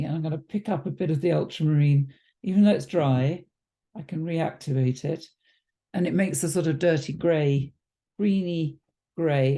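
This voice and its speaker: Low-pitched and chatty, a watercolour art teacher runs a relaxed painting demonstration. She thinks aloud throughout, with ums and self-corrections.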